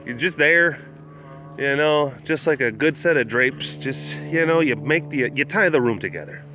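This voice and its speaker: A young man from southwest Wisconsin hosting a casual livestream outdoors at an animal compound, joking and reading viewer comments with loud hype and low mumbles. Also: animated, normal speed, noisy background. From southwest Wisconsin, USA. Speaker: livestream host at a big cat facility.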